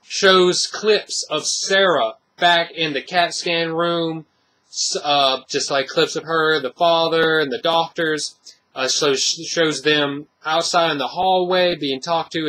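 A man's voice: fairly high pitch, bright, forceful tone. A man giving a casual, rambling spoken movie review, full of fillers and restarts.

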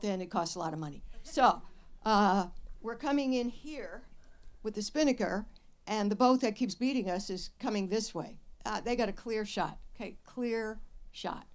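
An older woman hosting a live advice show, telling stories and answering questions in a blunt, wry and lively way. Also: medium pitch, normal speed. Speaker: radio advice host. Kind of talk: live show talk with an audience. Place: radio studio with live audience.

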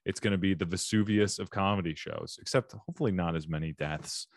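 A man's voice: low-pitched, brisk, no echo, clean studio sound. A man hosting a comedy podcast, joking and rambling and correcting himself in casual chat. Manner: jokey, rambling, self-correcting. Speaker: podcast host.

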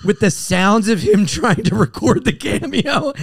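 A man with a gravelly, raspy edge and a somewhat high voice, co-hosting a podcast. He jokes crudely in loose, casual banter. The sound is dry and close to the mic. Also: expressive, measured pace, no echo. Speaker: podcast co-host. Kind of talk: casual comedic chat.

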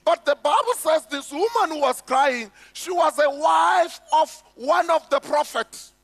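A man's voice: very high-pitched, measured pace, a bit bright. A man with a South African accent preaching a sermon as pastor, emphatic, with frequent rhetorical questions to the congregation. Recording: echoey hall with faint music.

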